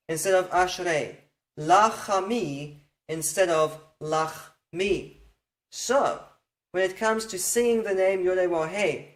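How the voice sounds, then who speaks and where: A patient, methodical teacher explains pronunciation in a steady, middle-pitched voice. They pause to sound out words slowly and check in with their listeners. The room adds a clear, roomy echo. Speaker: Hebrew teacher. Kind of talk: explanatory lesson on Hebrew pronunciation.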